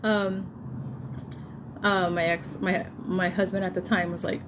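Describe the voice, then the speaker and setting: A woman in her thirties casually telling a personal story, laughing often and getting animated when she quotes people. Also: on the low side, normal speed, slight background noise. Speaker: vlogger telling a birth story.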